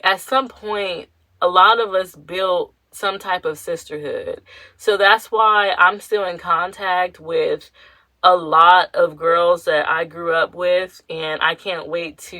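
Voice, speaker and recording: Low, bright-voiced young woman podcaster. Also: dry recording, poor audio. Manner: candid, rambling, full of "you know" fillers and slang. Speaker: podcast host. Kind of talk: casual personal podcast talk.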